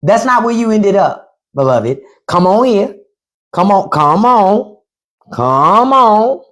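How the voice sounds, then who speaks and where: A woman's voice: mid-range voice, big pitch swings, slow pace, a bit bright. A woman playing a teasing, gleeful hellish greeter.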